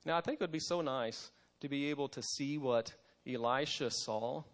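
A man preaches in a relaxed, talky way, stopping often on "uh" and restarting his sentences. His voice sits at an ordinary middle pitch, and he sounds like he is chatting more than orating. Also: moderate pace. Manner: conversational, with frequent "uh" fillers and restarts. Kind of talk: casual devotional sermon.

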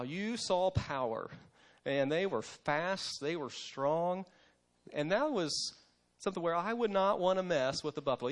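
A man giving a conversational devotional sermon, with frequent fillers and restarts. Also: a little high.

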